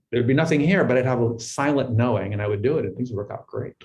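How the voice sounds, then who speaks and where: On a rough recording, a middle-aged man speaks at medium pitch with a darkish tone. Appearing as an interview guest, he reflects earnestly on his life in conversational storytelling, repeating words often as he works through his thoughts.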